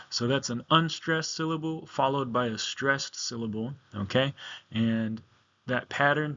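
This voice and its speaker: A man's voice: mid-range voice, unhurried, sharp tone, highs cut off. A male teacher giving a recorded video lesson to his class, talking casually with frequent ums and okays.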